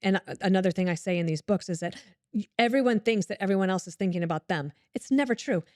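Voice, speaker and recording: A woman's voice: medium pitch, fast, dry recording, studio quality. A middle-aged woman from Colorado telling personal stories in an interview, acting out what others said. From Colorado, USA. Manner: animated storyteller who acts out quoted voices. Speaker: guest. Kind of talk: candid storytelling interview.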